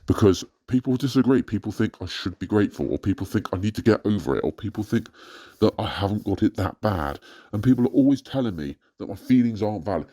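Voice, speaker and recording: A man's voice: low-pitched, dark tone. A distressed man recording an anonymous personal rant, hesitant with many fillers and breaking into agitated outbursts. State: distressed and frustrated. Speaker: anonymous poster venting about family life.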